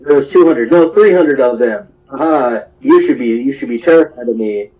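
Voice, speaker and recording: A man's voice: medium pitch, normal speed, warm tone, close to an everyday voice, low-quality recording. A man doing a bragging young pirate boy. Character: boastful cowardly young male pirate sniper.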